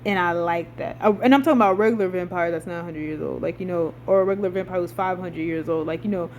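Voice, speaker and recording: A woman's voice: fairly low pitch, fast talker, a little hiss or hum. A young woman, ranting casually and swearing, with dramatic outbursts. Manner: animated, swears a lot, dramatic rising outbursts. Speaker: vlogger. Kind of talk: casual rant about a TV show.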